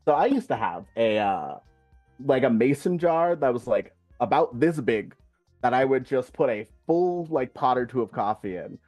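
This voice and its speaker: A man's voice: medium pitch, animated, moderate pace, a little mellow, no echo, faint music behind. A man playing in a tabletop game, chatting casually and joking about coffee. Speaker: player. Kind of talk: casual chat.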